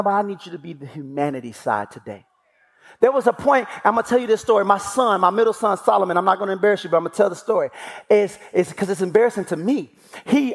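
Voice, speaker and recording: A man with a high-pitched voice preaches as a guest speaker, telling personal stories and bringing them to life by acting out the dialogue. He repeats words as he builds toward a point. His voice rings with a long reverb from a big hall. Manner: animated, acts out dialogue in voices. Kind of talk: sermon with personal storytelling.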